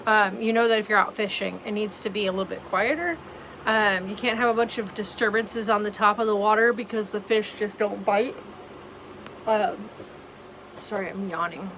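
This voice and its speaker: A woman's voice: medium pitch, fairly even intonation, moderate pace, a bit bright, slight background noise, poor audio. A tired, yawning woman vlogging casually from home, rambling with lots of ums. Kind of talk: casual vlog chat.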